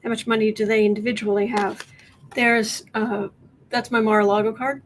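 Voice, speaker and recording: A woman hosting a tarot and politics livestream, talking casually with viewers, halting and restarting often as she thinks aloud. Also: a little high, little pitch movement, slight background noise. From United States.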